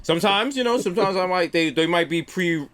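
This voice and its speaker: A man's voice: high voice, fairly quick, a crowd in the background. A man from the Bronx with a New York accent, co-hosting a comedy podcast and telling stories in casual banter, acting out what people said. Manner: animated storytelling, acting out quotes. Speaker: podcast co-host.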